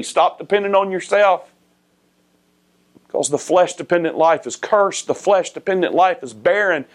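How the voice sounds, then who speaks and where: A male pastor preaching a sermon. His voice climbs high and loud for emphasis, then sinks low and soft. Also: moderate pace.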